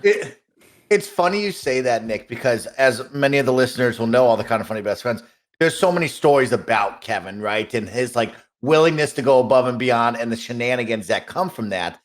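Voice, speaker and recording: Guy on a podcast, mid-pitch voice, animated storytelling, acts out quotes. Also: a little fast. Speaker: podcast co-host. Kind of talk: casual chat.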